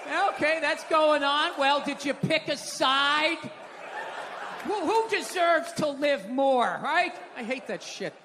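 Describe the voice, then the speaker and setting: A middle-aged man doing stand-up comedy, ranting loudly with profanity and dropping to mumbles between yells. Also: very high-pitched, animated, takes it slowly. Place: large theater stage. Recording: live theater recording with long hall reverb and crowd noise. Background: audience laughter and applause.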